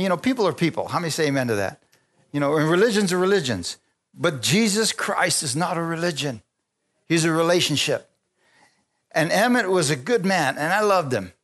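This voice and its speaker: A man preaching a sermon, telling stories with lively energy, stopping often to restart phrases and calling for amens. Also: fairly high pitch. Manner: animated storytelling with frequent restarts and calls for amen.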